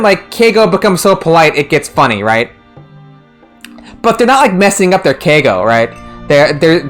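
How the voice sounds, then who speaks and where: A streamer casually chatting about a game's translation, rambling with lots of restarts and laughter. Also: mid-range voice. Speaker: streamer, translation discussion host.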